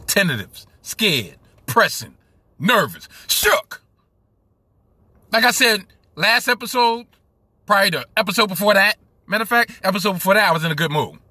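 A man's voice: high voice, very animated, normal speed, pushed and bright, no room sound. A man from Brooklyn with a New York accent, hosting a solo podcast and ranting profanely about sports. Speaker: podcast host.

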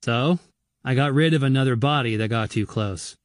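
Gruff, curt survivor man, voiced by a narrator, middle pitch, brooding temper. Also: moderate pace, dry recording, clean studio sound, natural voice. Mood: scolding. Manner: curt, scolding.

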